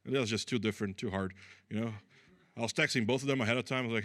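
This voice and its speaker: A man's voice: mid-range voice, very fast, fairly bright tone, dry recording. A man from Brazil doing a chatty, self-deprecating stand-up comedy set, acting out the people in his stories. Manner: chatty, self-deprecating, acts out quoted voices.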